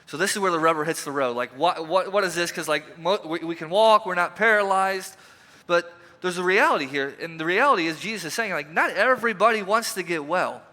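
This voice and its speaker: Bright-voiced man preaching in a hall. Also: sits high, a little fast. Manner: conversational, emphatic preaching with repeated questions. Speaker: pastor. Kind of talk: sermon. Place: church sanctuary. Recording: reverberant church hall.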